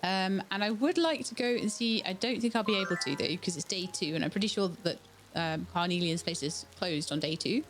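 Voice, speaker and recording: A woman's voice: medium pitch, brisk. Woman, game streamer, chatty, thinking aloud, casual let's-play talk, faint music and rain behind.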